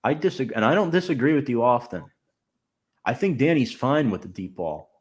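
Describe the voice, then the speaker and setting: A man hosting a casual sports podcast, relaxed, reading out viewer comments and answering them. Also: medium pitch, fairly quick. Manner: relaxed, reads out chat comments and replies. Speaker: podcast host.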